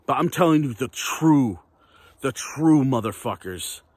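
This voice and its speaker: Husky guy ranting into the camera, swears a ton, voice jumps all over. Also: mid-range voice, expressive, unhurried, a little mellow, no room sound. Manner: profane, rambling, repetitive. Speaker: vlogger. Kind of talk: casual rant to camera.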